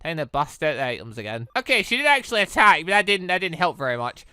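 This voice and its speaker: Male let's-player, lively pitch, tense bright tone, cursing and grumbling at the screen. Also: quick pace, smooth, no echo. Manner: exasperated, swears often, talks to the game. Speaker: gaming YouTuber. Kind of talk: let's-play commentary.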